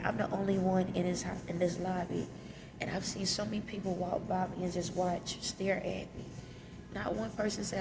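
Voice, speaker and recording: A vlogger who is a mother sits in a hotel lobby, crying while she candidly tells viewers about her pain in plain, casual speech. Her mid-range voice is creaky, fairly even, and moderately paced, with background noise around her.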